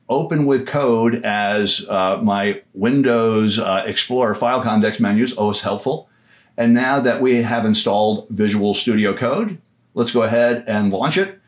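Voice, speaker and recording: A man giving a casual screen-recorded tutorial, chatty and informal, with filler words and the odd joke. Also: medium pitch. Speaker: software trainer.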